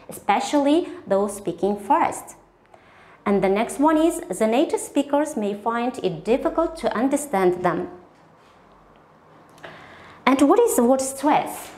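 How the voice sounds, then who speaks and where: Slow halting woman lecturing in an echoey room. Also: mid-range voice, a little mellow. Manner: halting, many filler pauses, careful model sounds. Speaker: teacher presenting on pronunciation teaching. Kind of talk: slide presentation lecture.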